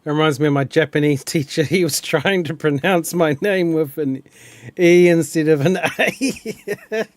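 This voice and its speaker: A man's voice: a little high, unhurried, dry recording. A young man chatting casually over a game, rambling, chuckling often and restarting words. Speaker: gameplay streamer. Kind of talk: casual gameplay chat.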